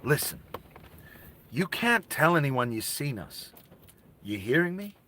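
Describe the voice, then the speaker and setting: Gruff secretive stranger, low and hushed, slow; man voices him. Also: big pitch swings, slight background noise, full character voice. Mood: suspicious.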